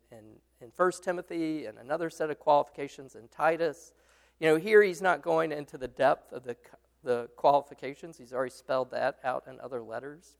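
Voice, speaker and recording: A medium-pitched man with vocal fry leads a Bible study discussion, patiently explaining a passage and responding to his students. His speech has many fillers and restarts.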